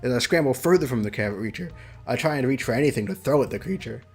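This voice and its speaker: A man's voice: medium pitch, lively intonation, fast, husky, soft background music. Playful male streamer reading a visual novel. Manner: playful, chatty, laughs between lines.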